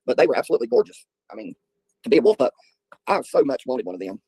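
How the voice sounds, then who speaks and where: Man, middle-aged, streamer host; talks very fast, husky and raspy, casual yarn-spinning. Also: mid-range voice, big pitch swings, warm tone, dry recording, rough recording. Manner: rambling, folksy storytelling with filler ums. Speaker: livestream host. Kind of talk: casual chat answering viewers.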